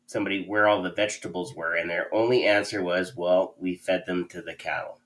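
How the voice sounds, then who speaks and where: A man from Canada telling a short story on a live-stream chat, dry and deliberate. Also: low voice, flat delivery, fairly bright tone, poor audio. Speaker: hypnotist co-host.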